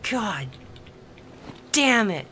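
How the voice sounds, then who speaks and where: A woman gamer narrates her own horror playthrough at an unhurried, drawn-out pace, tense and swearing under her breath. She mutters to herself and snaps at things in the game. A steady hiss of background noise sits under her voice. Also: medium pitch. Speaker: let's play gamer. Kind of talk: live horror game commentary.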